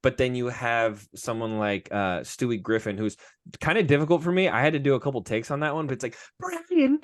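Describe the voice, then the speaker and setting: A man's voice: mid-range voice, fast, no echo, clean studio sound. A man who is a voice-actor guest, chatting casually on a podcast, rambling with many restarts.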